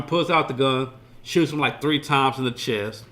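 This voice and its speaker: A man's voice: medium pitch, normal speed, sharp tone. A man streaming a casual reaction commentary, rambling loosely and swearing freely as he retells scenes.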